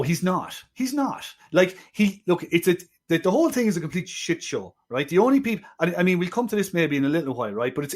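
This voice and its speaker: A man co-hosting a film podcast, talking casually with lots of restarts and wry asides. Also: on the high side. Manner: halting, many restarts, wry. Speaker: podcast co-host.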